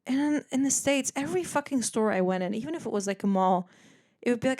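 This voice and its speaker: A woman in her twenties from the Netherlands, hosting a podcast in casual chat, animated and swearing freely, acting out other people's voices. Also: a little high, fast. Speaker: podcast host.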